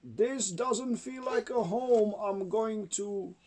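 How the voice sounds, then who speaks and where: A timid young dinosaur boy, soft and apologetic, read aloud by a dad whose first language is Czech. The voice is slow and mellow, a gentle storybook bedtime sound. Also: sits high, big pitch swings, exaggerated voice. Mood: sad. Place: home.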